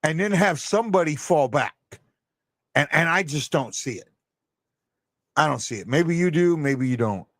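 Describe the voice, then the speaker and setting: Guy rambling on his live stream, blunt and sweary, lots of false starts, dry close sound, voice a bit high. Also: animated, fairly bright tone, no room sound. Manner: rambling, halting, with many restarts and swearing; blunt and opinionated. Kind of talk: casual live-stream chat.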